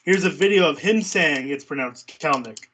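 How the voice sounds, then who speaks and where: A man's voice: a little high, lively intonation, normal speed, fairly bright tone, slight background noise, poor audio. A man co-hosting a casual baseball watch-party stream, laid-back, laughing easily and trailing off. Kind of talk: casual chat.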